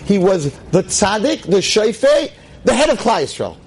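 A man teaching a lively class to a seated audience as a rabbi, emphatic and exclamatory. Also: normal speed, gravelly, slight background noise, rough recording. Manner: emphatic, exclamatory, with sudden swings in pitch.

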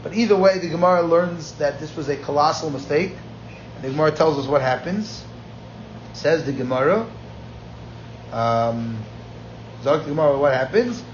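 Male Talmud lecturer, somewhat high-pitched, energetic storyteller; dull lo-fi recording with faint background noise. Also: moderate pace, pauses often. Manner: lively storyteller mixing Aramaic quotes with plain English.

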